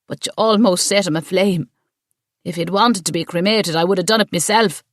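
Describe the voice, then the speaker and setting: A bitter woman, drunk with grief, cutting and scornful in every word, as a woman reads her. The voice is low and close, in a dry room. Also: normal speed, dry recording, lightly acted.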